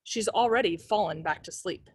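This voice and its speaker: A woman's voice: medium pitch, moderate pace, slightly rough, no echo. A woman reading a novel aloud as a librarian, telling the first-person story expressively.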